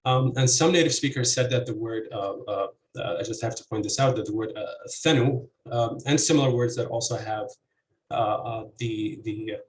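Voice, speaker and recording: A man walks through an academic presentation step by step, pausing often with fillers as he explains. His voice sits at an ordinary middle pitch. The sound is roomy, with faint noise behind it. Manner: hesitant, many fillers, methodical explaining. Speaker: linguistics researcher presenting.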